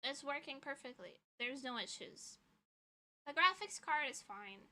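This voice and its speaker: Young woman streamer venting, high voice, super bright and sharp, swears a lot. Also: a little slow. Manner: animated, indignant, swears freely, repeats phrases for emphasis. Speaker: vtuber streamer. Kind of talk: casual storytelling rant.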